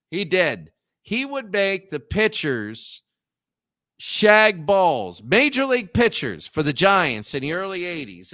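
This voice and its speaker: A man's voice: a little high, smooth, no echo, clean studio sound. Rambling, profane Appalachian man. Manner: digressive, profane, acts out quoted voices loudly. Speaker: show host. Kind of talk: rambling storytelling.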